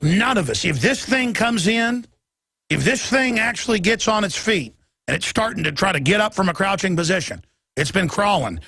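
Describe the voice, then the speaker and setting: A man hosting a radio talk show, delivering a heated, emphatic monologue that swings between loud and soft. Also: sits high, expressive, moderate pace, gravelly, slightly rough, dry recording, studio quality. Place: radio studio.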